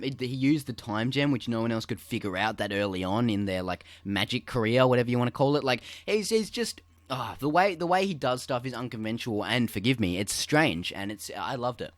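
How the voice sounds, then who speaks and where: A man co-hosting a casual film review podcast, excitable and full of quick restarts. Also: medium pitch, no room sound. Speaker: podcast co-host.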